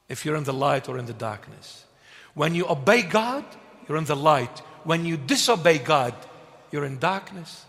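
A man's voice: on the high side, sharp tone. A man preaching a sermon, emphatic and repetitive, posing questions and answering them himself. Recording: long hall reverb.

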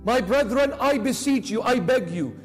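High-voiced preacher with faint music. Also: male voice, animated, moderate pace. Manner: impassioned, rising and dropping to hushed pleading. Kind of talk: sermon.

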